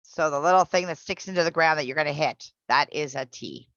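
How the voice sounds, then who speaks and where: A woman teaching an English pronunciation class online. She explains patiently and repeats each example slowly. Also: sits low, fairly bright tone, dry recording, muffled recording.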